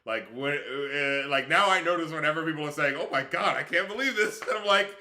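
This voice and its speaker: A bright-voiced man chats loosely on a live stream, swearing freely and breaking into laughter. His voice sits a little high and carries a forceful edge, with a roomy echo around it. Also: fairly quick. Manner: profane, laughing, animated. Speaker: music critic streamer. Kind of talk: casual live-stream chat. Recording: echoey room.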